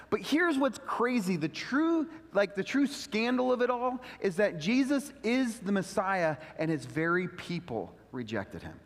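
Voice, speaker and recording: A male pastor preaches with a high, bright voice. He swings between quiet, careful explanation and loud, fervent declarations. His voice rings out with a long reverb from a church sanctuary. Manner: animated preaching, builds to loud fervent proclamation. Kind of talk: sermon.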